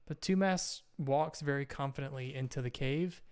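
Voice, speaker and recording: A man's voice: mid-range voice, moderate pace, clear, resonant tone. A man narrating a tabletop game as game master in an easygoing, descriptive way.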